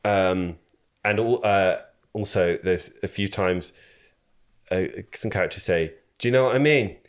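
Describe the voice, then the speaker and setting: A man's voice: sits low, unhurried. A man hosting a podcast, rambling casually with lots of fillers and restarts. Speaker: podcast host. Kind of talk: casual chat.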